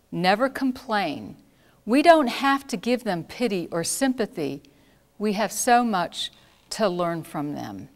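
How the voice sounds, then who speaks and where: A woman telling personal stories in an earnest, reflective way, pausing and restarting as she recalls them. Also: medium pitch. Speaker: speaker recounting volunteer work. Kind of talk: personal storytelling talk. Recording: long hall reverb.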